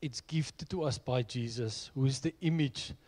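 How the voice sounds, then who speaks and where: A man's voice: medium pitch, moderate pace, darkish tone. A middle-aged man preaching a sermon, telling personal stories in an earnest way. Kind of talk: sermon with storytelling.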